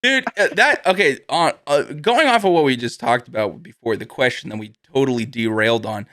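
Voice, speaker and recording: A man's voice: mid-range voice, expressive, brisk, fairly bright tone, dry recording, clean studio sound. A young man hosting a podcast in casual comedic chat, goofy and laughing a lot, slipping into silly put-on voices. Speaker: podcast host.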